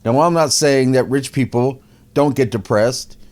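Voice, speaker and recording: A podcast host, a man with a mid-range, darkish voice, speaks unhurriedly while casually mocking a news story. His opinion commentary features frequent laughter and repetition.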